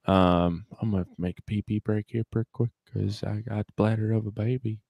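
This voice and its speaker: A man's voice: lowish voice, flat delivery, a little fast, vocal fry, warm tone, husky, dry recording. A man co-hosting a podcast, talking in a crude, joking, rambling way. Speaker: podcast co-host. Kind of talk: casual chat.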